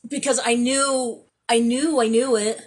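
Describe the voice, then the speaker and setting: A woman's voice: on the high side, fairly even intonation, unhurried, husky. A woman co-hosting a podcast in casual chat, swearing freely and trailing off while she hunts for words. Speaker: podcast co-host.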